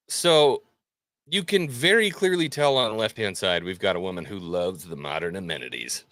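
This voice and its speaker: A man's voice: low voice, expressive, normal speed, a bit bright, dry recording. A man co-hosting a podcast in casual chat, trading sarcastic jokes. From Italian-American family. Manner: sarcastic and joking. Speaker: podcast co-host.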